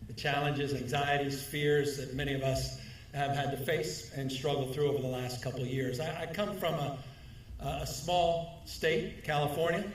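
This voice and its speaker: A middle-aged man giving a formal speech at a podium, leaning on emphatic repetition and a measured rhetorical delivery. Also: medium pitch, steady tone, a little hiss or hum. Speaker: governor giving an award speech. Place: large hall, speaking at a podium. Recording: echoey hall, mic at a distance.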